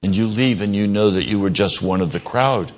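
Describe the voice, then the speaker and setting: A man preaching an earnest, emphatic radio sermon as a pastor. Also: dull audio. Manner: earnest preaching, slow and emphatic, rising in pitch when pressing a point.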